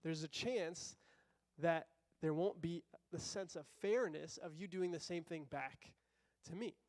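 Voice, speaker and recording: Higher-voiced man preaching conversationally. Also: a little slow, a little mellow, no room sound, studio quality. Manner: conversational preaching with rhetorical questions and acted-out quotes. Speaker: pastor. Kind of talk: sermon.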